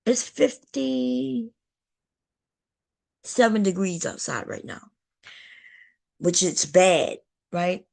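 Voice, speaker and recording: A woman's voice: mid-range voice, expressive, drawn-out words, vocal fry, pauses often, darkish tone. A woman hosting a casual livestream, chatting to her viewers in a talkative, repetitive way. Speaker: livestream host.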